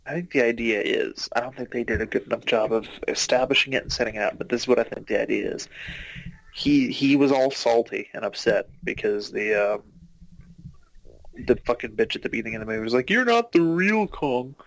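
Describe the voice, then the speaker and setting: A man's voice: medium pitch, steady tone, a little fast, gravelly, rough recording. A man talking through a movie in a laid-back, explanatory way, swearing often. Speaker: movie commentary co-host. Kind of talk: casual movie commentary.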